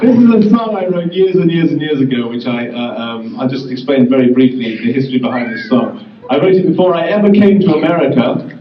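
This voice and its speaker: A man's voice: mid-range voice, a little fast, background noise. An English man, a guest singer-songwriter, chatting wryly with a convention crowd between songs and mocking himself. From England. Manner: wry, self-mocking, laughs at himself. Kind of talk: chatty stage patter between songs with guitar. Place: convention hall stage. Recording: roomy, distant, dull old tape of hall. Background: guitar playing.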